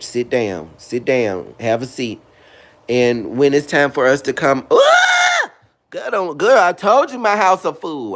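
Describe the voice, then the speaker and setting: A man talking casually about faith to his video viewers, animated and chatty, calling them honey and girl. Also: mid-range voice. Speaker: video host.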